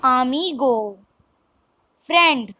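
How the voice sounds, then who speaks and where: A woman reading a vocabulary lesson word by word in a measured, scripted way. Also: high-pitched, animated, bright, forceful tone, dry recording, poor audio. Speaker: language teacher.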